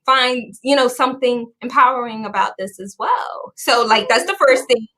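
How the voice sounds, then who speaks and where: A woman host chatting casually on a video call, bubbly and animated, laughing often as she tells stories. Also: fairly high pitch, normal speed, a little hiss or hum. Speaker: podcast host.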